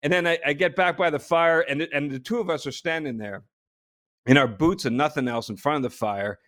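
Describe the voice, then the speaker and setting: A man from New Jersey telling a long story as a guest, animated, with frequent restarts and laughter. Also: a little high, a little fast. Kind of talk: casual storytelling.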